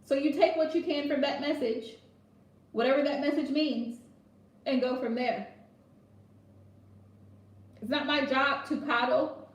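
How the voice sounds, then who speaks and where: High-pitched and in a roomy-sounding space, a woman tarot reader delivers casual vlog advice. Her manner is blunt and emphatic, with frequent "right?" check-ins as she repeats her point.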